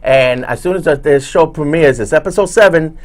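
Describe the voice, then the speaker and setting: Speaking a little fast in a voice on the high side, this man is a show host and background actor. On his casual talk show he chats and tells rambling stories full of fillers and restarts.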